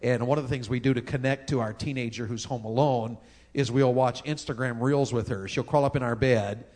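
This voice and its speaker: A man's voice: mid-range voice, fairly even intonation, fairly quick, darkish tone. A man, preaching a sermon on marriage in a folksy, joking way and talking with the crowd. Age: 50s. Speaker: pastor.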